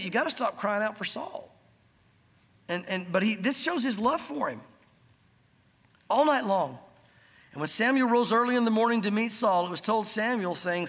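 A man with a high-pitched voice preaches an animated sermon, explaining scripture and playing out the characters with lively delivery. His voice rings with the long reverb of a large church hall. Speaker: pastor. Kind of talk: expository sermon.

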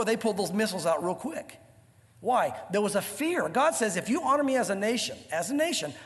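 A man preaching a sermon in a church hall, animated and joking in asides. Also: very high-pitched. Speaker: pastor. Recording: long hall reverb.

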